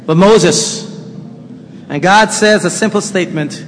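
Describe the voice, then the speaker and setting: Male preacher, high voice, chatty and animated, big hall reverb. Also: unhurried, a little hiss or hum. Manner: conversational, animated, joking with the congregation. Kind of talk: sermon. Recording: long hall reverb, faint ambience.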